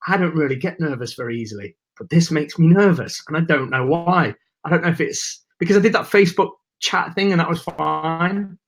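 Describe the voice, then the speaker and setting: A man's voice: on the high side, brisk, few pauses. A man hosting a live webinar, chatting casually and greeting viewers by name, a bit nervous. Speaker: webinar host.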